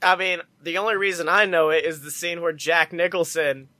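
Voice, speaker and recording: Brief: man, podcast co-host, high bright voice, dry close sound, profane and joking. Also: fairly even intonation, normal speed, dry recording. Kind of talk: casual chat.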